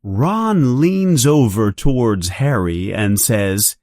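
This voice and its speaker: Slow read-along storybook voice, pitch all over the place, dry close sound. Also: no echo. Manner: slow, very expressive, raising the pitch for quoted characters. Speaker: narrator.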